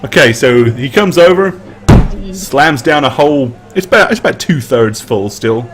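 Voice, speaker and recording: A man narrating a tabletop game as game master, relaxed and given to laughing asides. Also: mid-range voice, normal speed.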